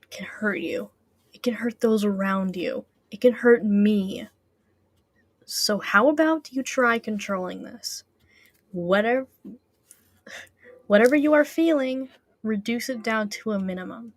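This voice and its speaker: A woman voicing a cold, commanding male Herobrine spirit in a slow, ominous reading. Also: a little high, dry recording.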